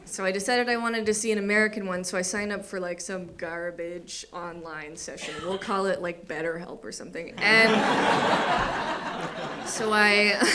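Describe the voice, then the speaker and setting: Young woman comic on stage, mid-pitched, laughing through her bits, noisy live room. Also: bright, forceful tone. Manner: laughing often, acting out voices of others. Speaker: stand-up comedian. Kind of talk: stand-up comedy set. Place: small theater stage.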